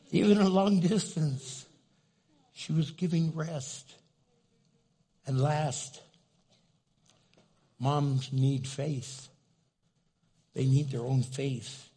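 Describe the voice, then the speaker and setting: A man's voice: medium pitch, gravelly, dark tone, slightly rough. An older man preaching a conversational sermon as pastor, telling folksy stories and speaking directly to his congregation.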